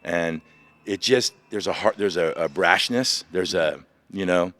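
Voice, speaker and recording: A man in his fifties, a veteran guest on a podcast, candidly retelling personal stories in an animated way. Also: sits low, a little slow, no echo. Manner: animated, vivid retelling of past events.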